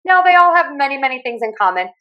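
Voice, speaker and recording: A woman from Western Pennsylvania with a softened Pittsburgh accent, hosting a podcast and talking alone in a clear, measured, instructive way. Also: high voice, sing-song, highs cut off. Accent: Pittsburgh, softened by years in other US regions. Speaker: podcast host and communication coach. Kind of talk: solo podcast talk.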